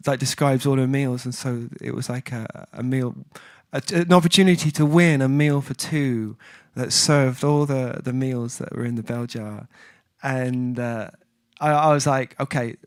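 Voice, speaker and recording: A man's voice: mid-range voice, a little slow, no room sound, studio quality. A man hosting a music livestream, chatting casually and reading viewer comments. He rambles, breaks off and restarts as he tells a story. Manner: rambling, self-interrupting storyteller.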